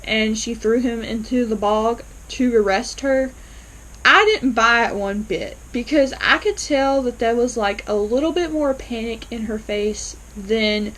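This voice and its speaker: A woman casually recapping and reacting to a TV episode, animated and quick to act out the characters' lines. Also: fairly high pitch, low-quality recording. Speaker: TV episode reviewer.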